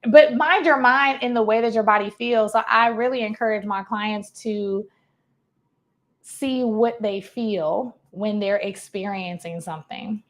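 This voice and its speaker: A woman's voice: mid-range voice, measured pace. A woman in her thirties, a life coach, speaking casually to her viewers. She acts out what her clients say and laughs often. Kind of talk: casual motivational talk to camera.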